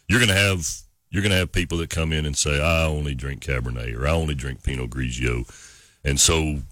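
A man in the wine business, a guest on a morning radio show, explaining wine pairings in a measured way. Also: rumbling low, a bit bright, no echo, studio quality. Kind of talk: casual radio chat.

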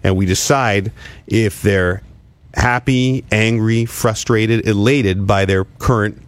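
A man's voice: lowish voice, fairly even intonation, slow, no echo. A man co-hosting a casual sports podcast, chatty and playfully teasing. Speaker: podcast co-host.

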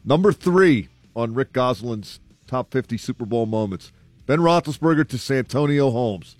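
A man's voice: medium pitch, lively intonation, normal speed, no echo. A man hosting a casual sports talk show, reading through a ranked list and breaking in with his own thoughts, with a few "uh" fillers. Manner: conversational, thinks aloud with "uh" fillers.

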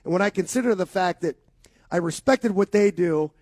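A man's voice: high voice, normal speed, a little mellow, breathy edge, no room sound. A man from co-hosting a sports radio talk show, talking with enthusiasm and emphasis.

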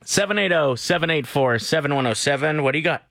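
Bright-voiced Canadian radio host. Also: male voice, on the high side, quick pace, gravelly. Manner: chatty, jokey, reflective. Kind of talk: casual radio chat.

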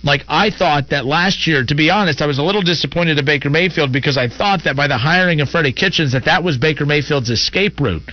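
A man's voice: a little high, fast, hardly any pauses. A man hosting a call-in sports talk radio show, opinionated and argumentative, rambling through his points. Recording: lo-fi radio broadcast.

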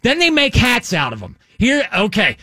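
A man from Maryland, co-hosting, emphatic and animated in casual banter. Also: very high-pitched, moderate pace, no echo, clean studio sound. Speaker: co-host. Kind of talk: casual sports talk banter.

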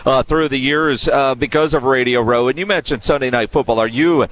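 A man's voice: medium pitch, a little fast, fairly bright tone, low-quality recording. A man hosting a sports radio show, asking curious, joking questions in casual chat.

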